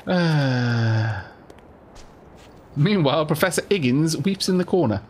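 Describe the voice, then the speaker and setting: A man's voice: fairly high pitch, lively intonation, slow, long pauses, darkish tone, a little hiss or hum. A young man casually commentating a game, playful and self-deprecating, stammering through asides. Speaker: let's play host.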